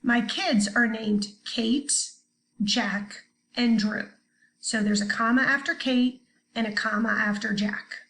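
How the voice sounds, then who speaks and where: Upbeat woman teacher, higher voice. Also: fairly even intonation, takes it slowly, a bit bright, poor audio. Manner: chatty, upbeat, talks straight to young students. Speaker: third grade teacher. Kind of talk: recorded distance-learning grammar lesson.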